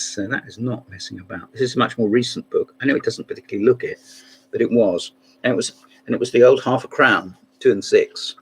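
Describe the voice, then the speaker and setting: Gravelly husky man, wry rambling. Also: fairly low pitch, low-quality recording. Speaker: host of a chess book video series. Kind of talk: casual show-and-tell talk.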